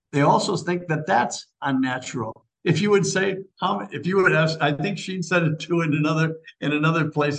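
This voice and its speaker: Older man, priest, radio guest, somewhat high voice, repeats phrases. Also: fairly bright tone, poor audio. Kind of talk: radio interview.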